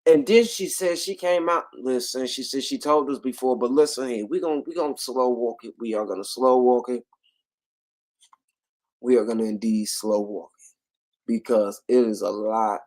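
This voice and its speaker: A man's voice: mid-range voice, a little slow, darkish tone. A man hosting a casual commentary livestream, drawling, laughing often and repeating himself. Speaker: livestream host.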